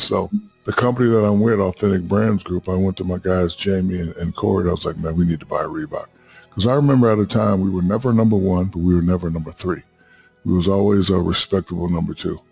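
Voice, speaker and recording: A man in his fifties telling stories as a podcast guest, profane and animated, acting out quotes. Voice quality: deep gravelly husky voice. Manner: profane, animated storyteller who acts out quotes. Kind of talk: casual storytelling chat.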